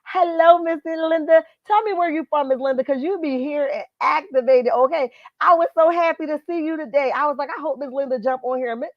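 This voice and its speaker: A woman's voice: sits high, brisk, no echo, highs cut off. Sassy woman live-streaming gossip talk. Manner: sassy, emphatic, talks straight to viewers and chat. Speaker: live-stream host commenting on celebrity gossip. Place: at her workplace, indoors. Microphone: computer mic.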